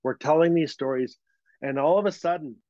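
Lively man from Northern Canada. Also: a little high, brisk, dry recording. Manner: lively, laughing, acts out voices. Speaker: guest storyteller. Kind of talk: animated storytelling. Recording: dull lo-fi sound.

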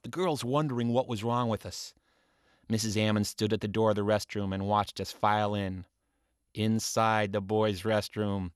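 A man telling a personal story in an animated way, swinging from hushed low tones to high excited ones. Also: clear, resonant tone, no room sound, studio quality.

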